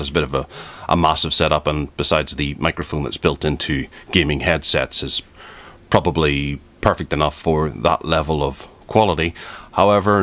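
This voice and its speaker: Deep-voiced man reviewing gear. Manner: chatty, self-correcting, relaxed asides. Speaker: tech reviewer and podcast host. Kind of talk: casual product review.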